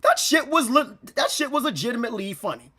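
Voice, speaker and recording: Brief: young male vlogger, high voice, rambling heartfelt monologue, on the edge of tears. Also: very animated, brisk, pushed and bright. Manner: rambling, repeats himself, slangy. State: near tears. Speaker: gaming channel vlogger. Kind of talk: emotional unscripted monologue.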